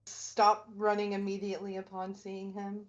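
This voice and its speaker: Excitable, laughing tabletop player woman. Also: mid-range voice, normal speed, highs cut off. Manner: laughs often, swears, excitable. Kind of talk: casual tabletop play.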